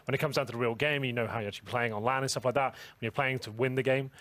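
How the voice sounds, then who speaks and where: A man giving analytical esports commentary at a studio desk, talking quickly with fillers and restarts. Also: mid-range voice, fairly even intonation, fairly bright tone. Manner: fast, analytical, with many fillers. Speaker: esports caster.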